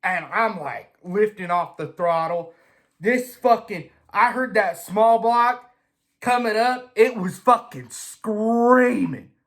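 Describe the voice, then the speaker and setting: A man telling a casual, swear-filled story in an animated way. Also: high voice, slow. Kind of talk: casual anecdote.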